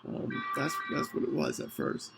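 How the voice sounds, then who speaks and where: A man hosting a podcast, telling a personal story in an earnest, halting way with many restarts. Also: noisy background. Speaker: podcast host.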